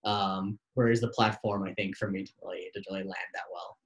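A man's voice: deep voice, fairly even intonation. Thoughtful man on a film podcast. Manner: measured, thoughtful, trailing off quietly. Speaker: podcast co-host. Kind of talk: casual film discussion.

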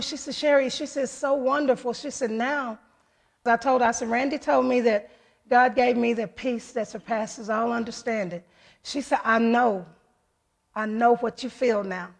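A woman giving an earnest, heartfelt personal testimony to her church, retelling events through many quoted voices. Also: on the high side. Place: church service.

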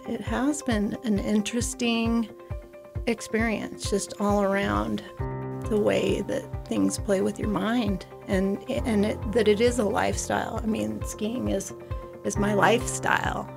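A woman with a gravelly, fry-edged voice at a middle pitch, recalling her experience as a guest in a studio. She talks freely and rambles, doubling back and restarting her sentences, with faint music under her voice. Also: flat delivery, unhurried. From United States. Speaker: interview guest, avalanche survivor. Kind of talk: emotional personal storytelling.

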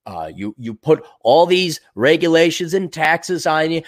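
A man's voice: fairly high pitch, very animated, fairly quick, hardly any pauses. A man hosting a podcast, giving a sarcastic, profane, combative rant on the news and mocking the people he talks about. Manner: mocking, laughs at his own jokes. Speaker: podcast host. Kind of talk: ranting news commentary.

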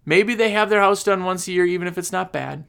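A man's voice: high-pitched, brisk, gravelly, a bit bright, smooth. A man giving casual, rambling business advice, repeating himself and acting out his customers. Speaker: cleaning business coach. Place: recording on his phone.

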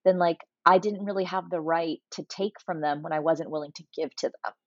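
A woman in her forties, a guest telling a personal story in a chatty, animated way with lots of fillers. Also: lowish voice, fairly quick, no echo, lo-fi sound. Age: 40s. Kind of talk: casual conversational interview.

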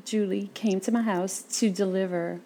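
Woman, interview guest, lively storyteller, quotes people in their voices, gravelly voice. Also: mid-range voice, normal speed, a little hiss or hum. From south Louisiana.

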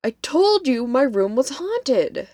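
A woman's voice: mid-range voice, lively intonation, a little slow, darkish tone, no room sound, studio quality. A woman voicing a young female college student who is rattled and insistent. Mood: spooked. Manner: shaken, insistent.

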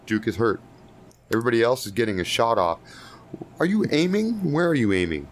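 Man game master, loose profane narration, mid-pitched voice, slight background hiss. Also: very animated, brisk.

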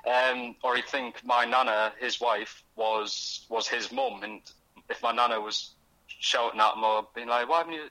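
Bright-voiced young man. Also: medium pitch, rough recording. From North East England. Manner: halting, many restarts, acts out quoted voices. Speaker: guest author. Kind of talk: casual radio interview. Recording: radio studio.

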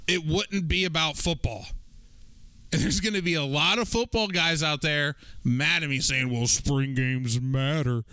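A man with a bright, crisp voice and slightly high pitch talks in an animated, profane, joking way. He co-hosts a casual sports podcast, and his voice sounds dry and close to the mic. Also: normal speed, no echo.

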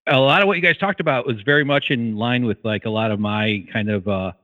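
A man's voice: mid-range voice, brisk. A man chatting casually as a guest, rambling with lots of fillers and restarts, a little out of breath. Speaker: guest caller. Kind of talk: casual chat. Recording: tinny phone line.

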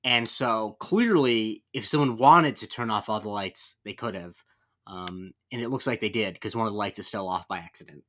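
A man's voice: on the low side, normal speed, fairly bright tone. Rambling man recapping an episode. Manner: rambling, self-correcting, with many fillers and hedges. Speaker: podcast co-host. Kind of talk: casual episode recap chat.

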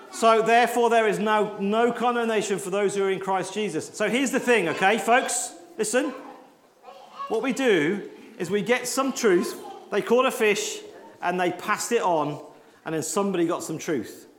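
A man leading a lively all-age church talk with props, coaxing children along and joking at his own expense. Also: sits high, normal speed, slight background noise. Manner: jokey, self-deprecating, coaxing children. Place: large church hall. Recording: echoey church hall with congregation.

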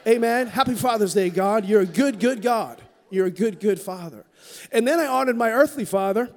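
A middle-aged man preaching a sermon in a church, telling a personal story with candor and dropping to a hush at tender moments. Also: high-pitched, expressive, moderate pace. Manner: candid, storytelling, drops to a hush for quoted moments. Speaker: pastor. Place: church sanctuary. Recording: long hall reverb.

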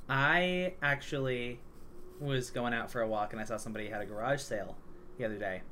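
A man's voice: mid-range voice, fairly quick, bright, forceful tone. A young man co-hosting a podcast in casual chat, telling stories loosely with lots of filler words. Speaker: podcast co-host. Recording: faint background noise.

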